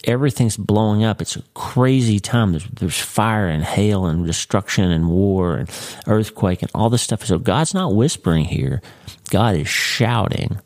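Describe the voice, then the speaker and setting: Deep, mellow-voiced man giving a devotional talk. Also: expressive, a little slow. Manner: earnest, encouraging, addresses the listener as friend. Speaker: podcast host.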